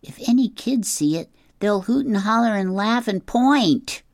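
A woman's voice: medium pitch, animated, unhurried, darkish tone, dry recording, studio quality, pitched above the performer's own voice. A woman voicing an embarrassed young schoolboy worried about classmates teasing him. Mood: fretful. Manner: fretful, embarrassed. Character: nervous young schoolboy with a crush.

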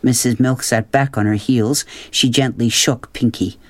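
A man narrating a children's storybook, gentle and expressive. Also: mid-range voice, measured pace, no echo. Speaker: audiobook narrator.

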